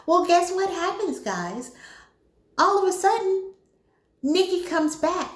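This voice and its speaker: A woman reviewing a movie in casual chat, retelling the plot in an animated way and speaking straight to her viewers. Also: extremely high pitch, slow, roomy sound.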